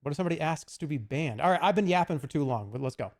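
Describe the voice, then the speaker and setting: A man streaming, chatting casually and rambling, with profanity and quick asides. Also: fairly high pitch, expressive, a little mellow. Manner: rambling, profane, slips into goofy put-on voices.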